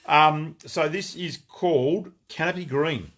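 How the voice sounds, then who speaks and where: A man's voice: on the high side, slow pace, a bit bright, slight background noise. A middle-aged Australian man hosting a casual shop livestream, rambling with many fillers and greeting viewers by name. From Western Australia.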